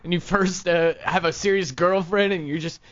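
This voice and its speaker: A man hosting a podcast in casual chat, chiming in with quick teasing remarks. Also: high voice, fairly even intonation, a bit bright. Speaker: podcast host. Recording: dull lo-fi podcast audio.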